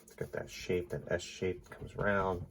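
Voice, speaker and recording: A congested man with a stuffy nose casually commenting as an artist while he draws, thinking aloud and often trailing into quiet mumbles. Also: low voice, steady tone, normal speed.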